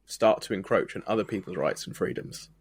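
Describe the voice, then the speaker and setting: A man's voice: low voice, a little fast, slightly rough. A man co-hosting a podcast, talking through ideas thoughtfully and building his points with examples. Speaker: podcast co-host. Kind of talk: reflective podcast conversation.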